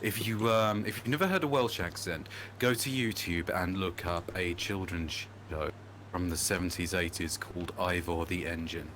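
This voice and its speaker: A British man chatting casually during a game stream, telling animated stories and breaking into accent impressions. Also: low-pitched, normal speed, slight background noise. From Britain. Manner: animated storyteller who slips into accent impressions. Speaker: podcast co-host.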